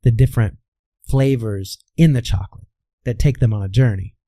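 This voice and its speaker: Brisk and dark-toned, this medium-pitched male voice belongs to a Midwestern voice coach guesting on an interview. He explains in a teacherly manner, answering his own rhetorical questions. No room sound is audible.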